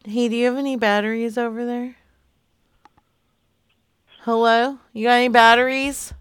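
A woman's voice: a little high, flat delivery, moderate pace, long pauses, smooth. A woman streaming live as she makes prank phone calls, teasing and mock-stern with the people she rings.

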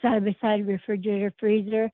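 A woman's voice: mid-range voice, flat delivery, fast, no echo. Woman on the phone getting pranked, hesitant, says no a lot, tinny line. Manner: hesitant, firmly refusing. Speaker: person on a prank phone call. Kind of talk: phone conversation.

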